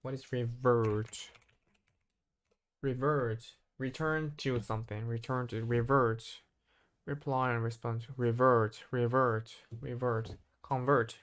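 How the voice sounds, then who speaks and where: Halting man thinking aloud while studying. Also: mid-range voice, steady tone, a bit bright. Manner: hesitant, halting, constantly restarting and self-correcting. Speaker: English learner. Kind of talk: self-study vocabulary practice, thinking aloud.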